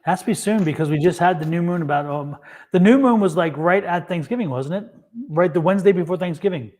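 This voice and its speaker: A man's voice: sits high, fast, darkish tone. A man co-hosting a live tarot reading stream, chatting casually and telling a joke story with frequent laughs. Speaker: tarot reader co-host. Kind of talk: casual chat.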